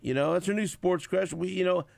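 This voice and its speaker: A man hosting a sports radio show, talking casually with big swings between loud bursts and quiet asides, acting out what others said. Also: high voice, brisk, creaky, dry recording. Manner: animated, swings loud and quiet, acts out quotes. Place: radio studio. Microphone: studio microphone.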